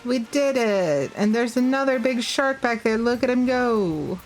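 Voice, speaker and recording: A woman's voice: on the high side, expressive, measured pace, faint music behind. A woman streamer giving casual game commentary, chatty and openly emotional, with fillers. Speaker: livestreamer.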